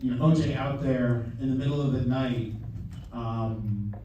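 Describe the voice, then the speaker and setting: A man's voice: medium pitch, steady tone, a little slow, warm tone, lo-fi sound. A man directing a film, talking loosely at a live Q&A with many fillers and restarts, laughing easily. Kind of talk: casual live Q&A talk. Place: large theater stage. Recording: far-off mic in an echoey theater with faint noise.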